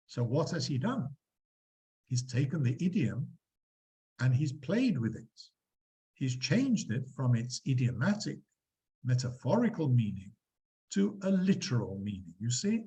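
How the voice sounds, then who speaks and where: A man lecturing a university class, explaining examples with animated emphasis and quizzing students. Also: mid-range voice, poor audio. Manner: lively, quizzing students, acting out quotes.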